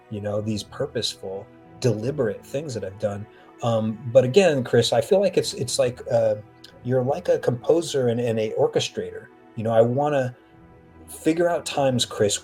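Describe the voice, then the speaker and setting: A man talking as a guest on an interview podcast, an animated storyteller who slips into acted-out quotes. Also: medium pitch, normal speed, faint music behind. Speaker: author and actor, podcast guest. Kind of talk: casual interview talk.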